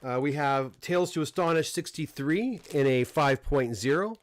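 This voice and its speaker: A middle-aged Canadian man hosting a casual livestream unboxing, talking in a relaxed, rambling way with frequent restarts and fillers. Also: fairly high pitch, normal speed, a little hiss or hum. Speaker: comic book dealer and host. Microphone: desk microphone close up.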